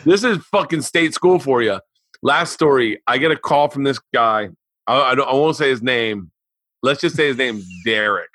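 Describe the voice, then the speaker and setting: A man who is a comedian tells raucous stories in a casual remote chat. He is animated and swears freely. His voice is bright and forward, and the sound is dry and close. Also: mid-range voice, moderate pace, dry recording. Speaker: comedian guest. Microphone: remote call recording.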